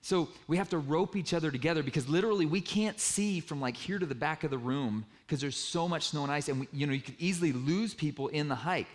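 A man giving a sermon-style personal story to a room, lively and self-mocking, acting out the dialogue. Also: on the high side, fast talker, hardly any pauses. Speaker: speaker telling a personal story to an audience. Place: room with a live audience.

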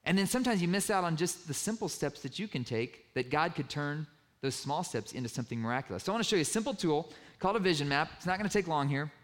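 Middle-aged male pastor, conversational sermon, slightly raised pitch, animated storyteller.

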